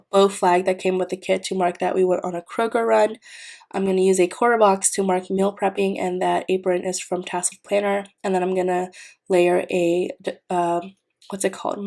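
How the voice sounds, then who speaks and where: A woman's voice: mid-range voice, vocal fry, a little mellow. A young woman narrating her planner decorating in a casual voice-over, sounding congested as she gets over a fever and tripping over her words. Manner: chatty, trips over words with fillers. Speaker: planner vlogger.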